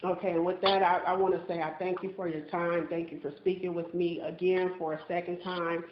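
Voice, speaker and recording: A woman's voice: lowish voice, level tone, brisk, roomy sound, highs cut off, heavy background noise. A woman hosting an interview, talking in an earnest, chatty way with many fillers. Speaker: interviewer, channel host. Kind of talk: casual phone interview.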